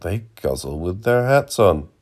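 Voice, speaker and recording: A man's voice: low voice, very animated, a little slow, a little mellow, full character voice. A man doing a dry, pedantic traveller. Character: dry, pedantic male traveller, calm and literal.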